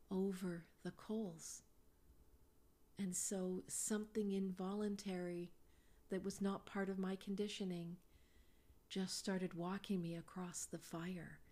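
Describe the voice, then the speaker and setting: A middle-aged woman, a psychic reader, telling a personal story slowly with breathy, animated asides in a podcast Q&A. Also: medium pitch.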